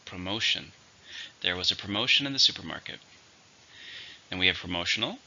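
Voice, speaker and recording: Male English teacher, lower pitch, very bright tone, dull lo-fi recording; runs a patient vocabulary drill. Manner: explains slowly, asks and answers own questions. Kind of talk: vocabulary lesson.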